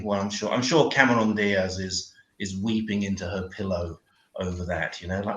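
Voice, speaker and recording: A man doing a deadpan, crude stand-up routine on a comedy panel show. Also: low-pitched, moderate pace, slight background noise. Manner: deadpan, crude one-liners. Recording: echoey room.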